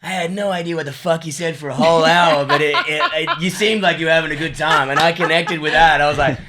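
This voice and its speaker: A man's voice: a little high, fast, a loud crowd. A man with an Australian accent, a comedian guest telling stories in casual chat, laughing and swearing as he goes. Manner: laughing, swearing, animated storyteller.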